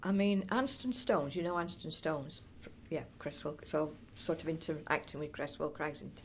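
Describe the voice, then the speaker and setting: A low voice at a moderate pace, with a little hiss or hum in the recording. The older woman, from the North East Derbyshire area of England, recalls her past as an oral history interviewee, talking in a chatty, rambling way full of restarts and fond asides.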